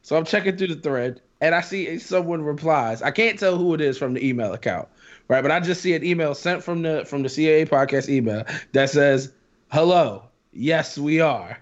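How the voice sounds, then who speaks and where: A man's voice: on the high side, fairly quick. Male podcast host, blunt and emphatic, swears freely, slightly dull lo-fi sound. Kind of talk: casual chat. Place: at home.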